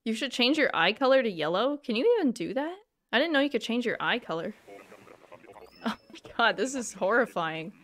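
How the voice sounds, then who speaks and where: A woman's voice: on the high side, sing-song, moderate pace, fairly bright tone. A woman live-streaming a video game, chatting casually with her viewers and reacting with frequent self-deprecating exclamations. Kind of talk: casual live-stream chat while gaming.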